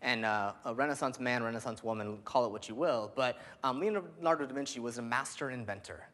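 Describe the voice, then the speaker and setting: A man in his thirties giving an energetic keynote speech, with lots of "um" and "like" fillers. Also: mid-range voice, brisk. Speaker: keynote speaker. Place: large hall. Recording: long hall reverb.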